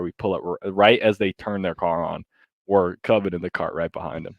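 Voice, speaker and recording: A man with a fairly low voice tells a story to a friend on a podcast, with animated, casual talk full of fillers and the odd curse. The sound is dry and close, with no room echo. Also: brisk. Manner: animated, swearing, lots of fillers. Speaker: podcast co-host.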